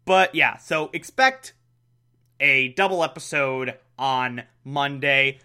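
Bright-voiced man chatting through an episode recap. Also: mid-range voice, slow. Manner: chatty, jokey, laughs often. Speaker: podcast host.

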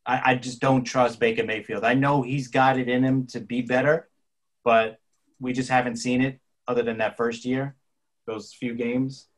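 A man's voice: medium pitch, flat delivery, normal speed, low-quality recording. Hesitant man making football picks. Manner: hesitant, repeats words. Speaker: podcast co-host. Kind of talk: casual sports talk.

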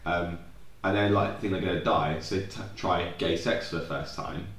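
A man's voice: low-pitched, fairly even intonation, normal speed, a bit bright, echoey room, slight background noise. A young man co-hosting a podcast, chatting casually and rambling off on tangents with plenty of swearing. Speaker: podcast co-host. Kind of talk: casual chat.

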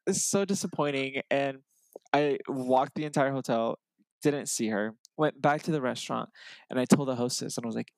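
An excitable young man chats on a podcast, acting out the voices as he tells a story. His voice sits at a middle pitch. The sound is dry and close to the mic. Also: moderate pace, creaky, no echo. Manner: animated storyteller, excitable, acts out dialogue. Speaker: podcast co-host. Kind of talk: casual chat.

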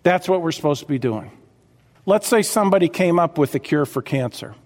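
A man preaching a sermon as pastor, fervent, dropping low and quiet and then rising sharply. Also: lively intonation, fairly quick, big-room sound.

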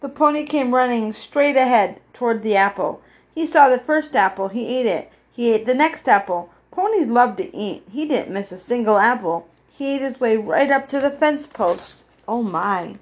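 A woman reading a children's story aloud, expressive, with gasps and little asides. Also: on the high side, moderate pace.

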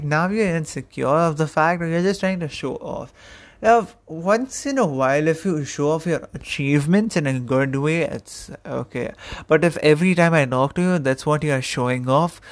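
A young man talks alone into his podcast mic in a loose, rambling way, circling back on his words with plenty of fillers. His voice sits a little higher than most men's. He sounds candid and chatty. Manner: rambling, with many fillers and restarts. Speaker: podcast host. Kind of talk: casual solo podcast monologue.

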